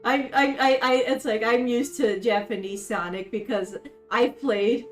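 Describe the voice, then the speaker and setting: A woman's voice: a little high, fairly even intonation, measured pace. A woman guest chatting casually and playfully, stammering through restarts. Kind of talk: casual chat. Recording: roomy with faint music.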